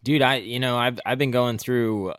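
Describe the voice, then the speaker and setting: A man's voice: mid-range voice, steady tone, moderate pace, a bit bright, dry recording. A man hosting a podcast who speaks in a reflective, hesitant way and searches for his words. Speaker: podcast host. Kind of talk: reflective conversational chat.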